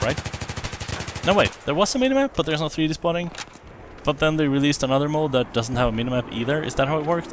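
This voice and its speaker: A let's play commentator with a mid-range voice rambles through casual gameplay commentary, chatty and often correcting himself. Loud game gunfire, explosions, and vehicles sit behind his voice, making the background noisy.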